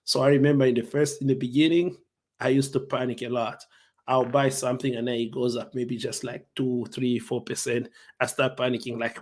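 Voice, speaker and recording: A man casually explaining stock investing to viewers on a live stream from home, relaxed and repetitive. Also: mid-range voice. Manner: relaxed, repeats key points, frequent "like" fillers.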